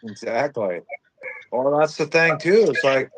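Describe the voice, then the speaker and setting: A man from Iowa in a loose podcast conversation, blunt and a bit crude. His pitch sits in an ordinary middle range, and faint noise runs under the recording. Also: expressive, measured pace, poor audio. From Iowa, USA. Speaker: podcast host. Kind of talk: casual chat.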